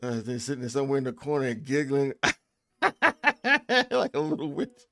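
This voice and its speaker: Music plays behind this game developer streamer as he talks to chat in a loose, joking way, laughing a lot during the casual live stream. His medium-pitched voice is gravelly and expressive, and he keeps a measured pace.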